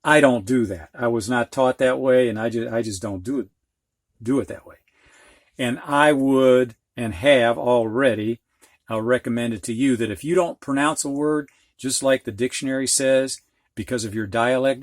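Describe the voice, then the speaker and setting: Dictionary pronunciation symbols are the topic as a Midwestern-accented man teaches reading in a slow, explanatory, plainspoken way, elongating sounds for demonstration. His voice is medium-pitched at normal speed, recorded dry.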